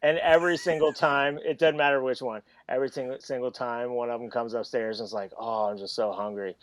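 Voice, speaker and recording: Smooth-voiced man telling funny stories. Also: mid-range voice, fast talker, no echo. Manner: animated, laughs while telling stories. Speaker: podcast guest. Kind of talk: casual storytelling.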